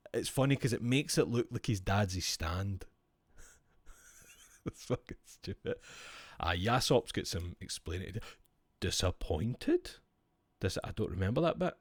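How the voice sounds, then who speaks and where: A man's voice: mid-range voice, no echo, clean studio sound. A Scottish man streaming, chatting casually and explaining with gusto, swearing freely. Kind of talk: casual chat while showing cards.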